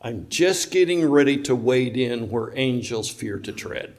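A man's voice: mid-range voice, expressive, unhurried. A man preaching a sermon to a church congregation, emphatic, asking rhetorical questions and talking back and forth with listeners.

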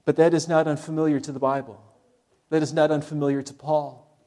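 A middle-aged man preaches a sermon, talking to his listeners like a friendly pastor. His voice sits a little high for a man, and he sinks to quiet, low tones to stress a point. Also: level tone, brisk. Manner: conversational preaching, dropping to soft low tones for emphasis.

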